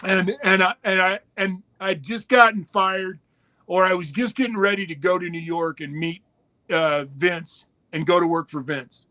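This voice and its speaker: Older guy, raunchy storyteller, high voice, swears a lot, laughs through it. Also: moderate pace, pushed and bright, no echo. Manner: profane, laughing, acts out voices in stories. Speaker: guest storyteller. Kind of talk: crude casual storytelling.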